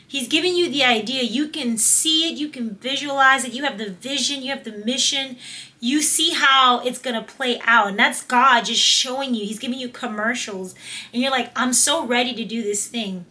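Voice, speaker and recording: A woman hosts a faith-based motivational podcast in a high, ringing voice. She talks with fervent, repetitive, preacher-like encouragement, slipping into casual slang as she urges her listeners on. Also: normal speed, sharp tone. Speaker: podcast host.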